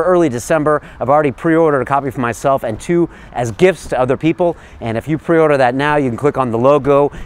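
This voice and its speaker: A man hosting a show talks casually to the camera, friendly and enthusiastic, in a smooth, medium-pitched voice. His delivery is loose and rambling, with lots of "uh" fillers.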